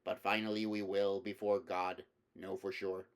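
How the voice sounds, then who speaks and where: A man voicing an undercover male officer who delivers a rote speech with measured pauses. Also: deep voice, little pitch movement, natural voice. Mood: oratorical.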